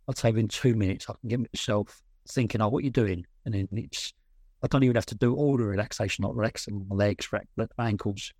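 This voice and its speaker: A man's voice: lowish voice, no echo, studio quality. A man, a coaching client, telling anecdotes in a rambling way with many restarts. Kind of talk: casual chat on a call.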